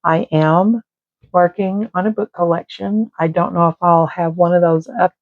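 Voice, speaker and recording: A woman's voice: lowish voice, fairly even intonation, moderate pace, dry recording. A woman, chatting and rambling casually while she colors, sometimes drifting into murmurs. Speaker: art channel host. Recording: tinny phone-like dry sound.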